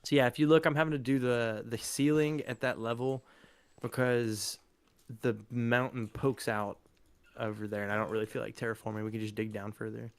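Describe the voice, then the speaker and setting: A man's voice: mid-range voice, flat delivery, normal speed, smooth. A man hosting a live stream, chatting casually while gaming, rambling with lots of fillers and laughter.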